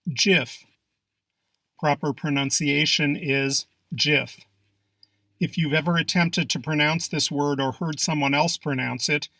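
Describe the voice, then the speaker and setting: A man reading scripted narration for an English pronunciation lesson, with an even, measured delivery. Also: medium pitch, no echo.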